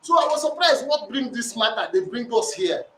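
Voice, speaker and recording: Nigerian man with a very high voice pleading his side of a family quarrel, rambling and repetitive; distant mic in a roomy space with faint noise. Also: moderate pace. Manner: rambling, repetitive, animated storytelling. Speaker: complainant. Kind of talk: recounting a domestic dispute.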